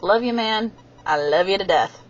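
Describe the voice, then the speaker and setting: A woman's voice: medium pitch, animated, normal speed. A young woman vlogging, telling a rambling story to her webcam and acting out the voices of the people in it. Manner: chatty, rambling, acts out quoted voices. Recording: dull lo-fi webcam audio.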